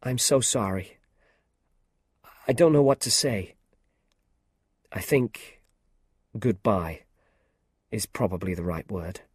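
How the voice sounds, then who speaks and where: A man's voice: fairly low pitch, expressive, takes it slowly, long pauses, slightly rough, dry recording, studio quality, exaggerated voice. A man reading aloud voices a shy, polite young man who speaks hesitantly and apologetically. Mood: awkward.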